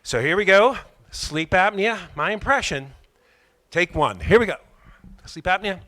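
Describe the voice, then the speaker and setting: Bright-voiced stand-up comic. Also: male voice, high voice, lively intonation, measured pace. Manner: rambling, self-mocking, loud put-on voices. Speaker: stand-up comedian. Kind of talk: stand-up comedy set. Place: comedy club stage.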